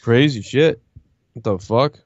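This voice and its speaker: A man's voice: mid-range voice, a little slow, dry recording, dull audio. A man streamer in casual chat, rambling and swearing a lot as he tells a story full of quoted back-and-forth. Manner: profane, rambling storytelling with lots of quoting.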